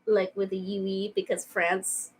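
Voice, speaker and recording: A woman's voice: mid-range voice, flat delivery, measured pace, breathy edge. A woman co-hosting a casual show, rambling and joking with a giggle. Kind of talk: casual chat.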